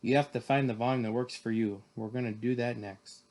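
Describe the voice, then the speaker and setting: A man's voice: mid-range voice, fairly even intonation, a little fast, a little mellow, close to an everyday voice. A man reading aloud, voicing a friendly male ear doctor who explains things in a chatty, reassuring way. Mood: explaining.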